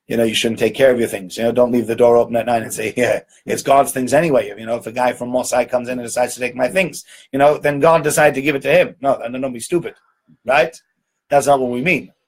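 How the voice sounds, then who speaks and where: Speaking quickly with fairly even intonation and a medium-pitched voice, this man is a rabbi giving a relaxed Torah lecture. He keeps asking "right?" and doubles words to stress his points.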